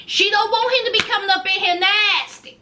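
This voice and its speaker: A woman's voice: very high voice, steady tone, brisk, pushed and bright, slight background noise. A woman recapping a reality show in casual chat, sassy and teasing, calling her viewers honey and child.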